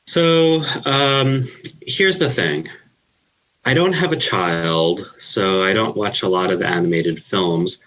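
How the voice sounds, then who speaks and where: Thirties male co-host, very low voice, dry deadpan teasing. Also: takes it slowly, rough recording. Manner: deadpan, mock-serious teasing. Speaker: podcast co-host. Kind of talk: casual podcast chat.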